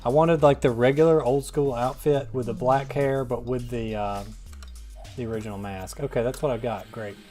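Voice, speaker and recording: Dude reading comments on his game channel, dry jokes, kinda rambly, soft music in the back. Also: medium pitch, fairly even intonation, normal speed. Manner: wry, self-deprecating, rambling. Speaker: gaming channel host. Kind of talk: casual gameplay commentary.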